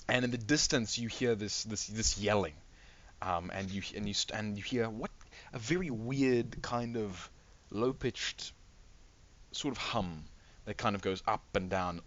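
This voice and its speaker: A man's voice: lowish voice, fairly bright tone. Rambling lo-fi game master man. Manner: rambling, self-correcting descriptions. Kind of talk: narrating a tabletop game.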